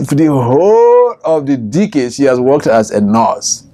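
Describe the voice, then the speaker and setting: An older man, a swami, teaching a scripture class, telling stories with frequent chuckles and jumping high in pitch when quoting people. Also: sing-song, unhurried, warm tone. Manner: storytelling, chuckles often, jumps high in pitch for quoted speech. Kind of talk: scripture class with personal anecdotes. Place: temple room.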